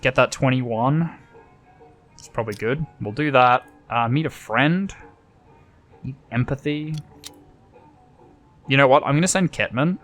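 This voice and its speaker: A man's voice: mid-range voice, unhurried, pauses often, fairly bright tone, faint music behind. A man playing a story game, reading its text aloud and adding casual, offhand comments. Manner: casual, offhand, muttering asides. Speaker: gamer.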